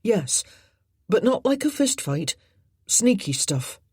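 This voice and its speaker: A blunt young country lad, loyal and stubborn, with plain rough grammar and a lively, rising voice, played by a woman reading aloud. The sound is husky and close. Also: medium pitch, slow, no echo, voice pushed up, heavily acted. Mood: explaining.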